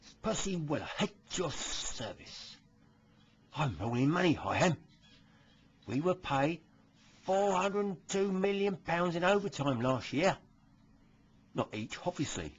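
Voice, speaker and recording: A man doing a smug, husky copper. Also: on the high side, big pitch swings, measured pace, pauses often, highs cut off, heavily acted. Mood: smug gossip. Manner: chatty, nudging tag questions. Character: smug bigoted male British police constable. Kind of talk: satirical comic monologue.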